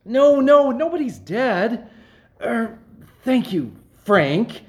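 A man playing a scheming, fast-talking schemer. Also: very high-pitched, big pitch swings, darkish tone, heavily acted. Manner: smooth, quick excuses. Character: scheming male fugitive covering up lies. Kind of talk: comedic radio play.

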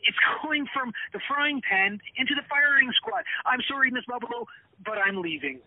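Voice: high-pitched, lively intonation, moderate pace. A reader playing a nervous, stammering male cook who fakes a French accent, in an amateur script reading. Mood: panicked. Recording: tinny phone-like line.

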